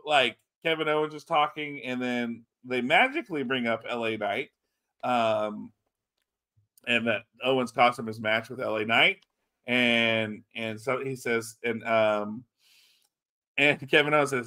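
A man's voice: medium pitch, a little slow, pushed and bright. A man hosting a podcast, casually recapping a show in a rambling, laid-back way with lots of fillers and swearing. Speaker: podcast host reviewing a wrestling show.

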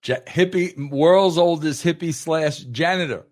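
Slow-talking male co-host. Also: a little high, darkish tone. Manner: short agreeing replies and laughs. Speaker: podcast co-host. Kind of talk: casual podcast banter.

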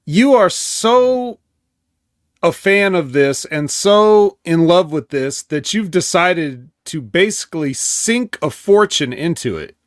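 Male co-host, fairly high voice, earnest opinions, dry close mic. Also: lively intonation, slow, no echo. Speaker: wrestling podcast co-host. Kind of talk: casual chat.

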